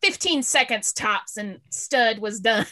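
A middle-aged woman in casual chat, telling a story with halting restarts and giggles. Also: a little high, animated, pushed and bright.

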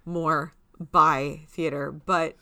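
A woman's voice: deep voice, extremely slow. A woman co-hosting a podcast in casual chat, telling stories and acting out quoted lines. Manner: animated storyteller, acts out quoted lines. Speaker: podcast co-host.

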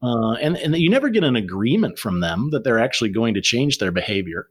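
A man talking as a guest author, telling stories in a lively, animated way with frequent restarts. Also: mid-range voice, brisk, breathy edge. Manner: animated storyteller, many restarts. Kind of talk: conversational interview.

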